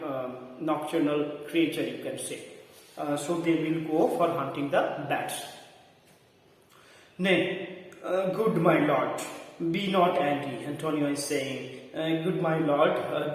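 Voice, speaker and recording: A man explaining a play in class, full of fillers as he paraphrases the lines. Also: fairly high pitch. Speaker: literature teacher. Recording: echoey hall from far off.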